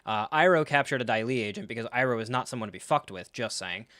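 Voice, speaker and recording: A man hosting a live reaction stream, talking in an animated, sarcastic way, swearing freely and acting out scenes. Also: medium pitch, fast talker, no room sound. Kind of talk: casual live reaction commentary.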